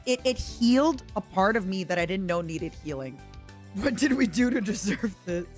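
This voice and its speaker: A young woman streaming casually from home, gushing and quick to laugh as she reacts to videos and chats with her viewers. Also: medium pitch, lively intonation, faint music behind.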